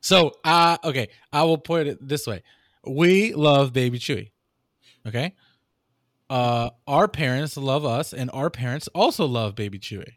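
A man's voice: mid-range voice, animated, measured pace, no room sound, clean studio sound. A man in casual conversation, patiently explaining his point step by step. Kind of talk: casual chat.

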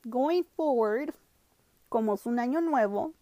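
A woman's voice: a little high, lively intonation, normal speed, warm tone, dry recording. A woman telling a personal story in a casual vlog, switching between English and Spanish and filling her talk with "you know" and "like.". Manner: lots of "you know" and "like" fillers. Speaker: vlogger.

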